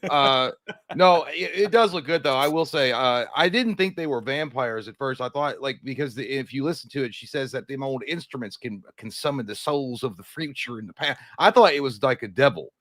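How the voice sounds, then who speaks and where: A man's voice: medium pitch, a little fast, fairly bright tone, no echo. A man co-hosting a casual movie chat, joking and crude in loose banter. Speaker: co-host.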